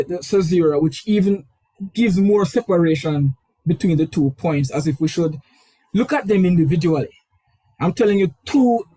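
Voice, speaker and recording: A man's voice: high-pitched, warm tone, no room sound, poor audio. A male literature teacher with a Caribbean accent, explaining a poem's form reflectively during an online lesson. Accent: Caribbean English. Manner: explanatory, reflective, with frequent fillers.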